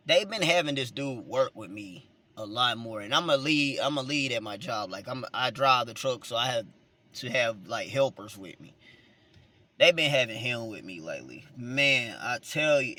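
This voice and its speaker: A vlogger and minister with a Southern accent chats from inside a car, his medium-pitched voice bright and forceful. He tells a story casually, rambling, repeating words, and chuckling between points.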